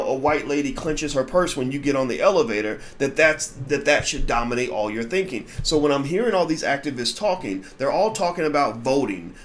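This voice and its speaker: Blunt, emphatic man talking. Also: medium pitch. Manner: emphatic and blunt, repeats words when starting sentences. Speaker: host of a commentary channel. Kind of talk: commentary monologue.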